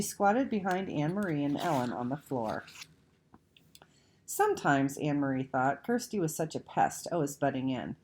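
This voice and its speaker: A woman reads a children's book aloud in an expressive, measured way. Her voice sits low for a woman, yet it moves widely and with life through each sentence. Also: slight background noise. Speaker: audiobook reader. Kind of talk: storybook read-aloud narration.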